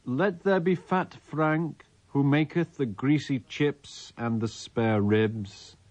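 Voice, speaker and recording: A man voicing a grandly proclaiming male Lord of creation in a theatrical, stately, drawn-out manner. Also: medium pitch, darkish tone, no room sound, voice pushed up, lightly acted.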